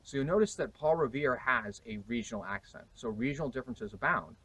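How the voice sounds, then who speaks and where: A man's voice: mid-range voice, animated, fairly quick, sharp tone, slightly rough, dry recording, rough recording. A man with an American accent, a historian explaining emphatically to camera on location outdoors. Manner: emphatic, explanatory, sometimes hesitant.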